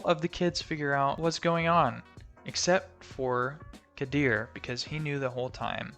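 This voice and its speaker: Guy doing a chatty movie review, bright tone, lots of um and like, faint music behind. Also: medium pitch, fairly even intonation, measured pace, vocal fry. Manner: rambling, filler-heavy, with loud exclaiming bursts. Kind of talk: casual spoken film review.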